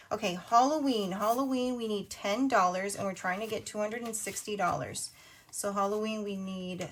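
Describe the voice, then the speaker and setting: A woman in her thirties hosting a budgeting video, chatting casually while she counts cash out loud. Her voice is going a little hoarse. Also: medium pitch, a little hiss or hum. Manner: chatty, counts money out loud, quick asides.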